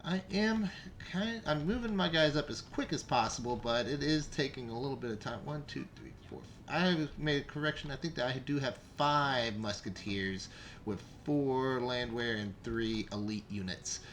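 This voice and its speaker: A man's voice: medium pitch, normal speed, a bit bright, a little hiss or hum. A young man giving casual, rambling commentary on a strategy game match, with frequent fillers and self-corrections. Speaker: gameplay commentator.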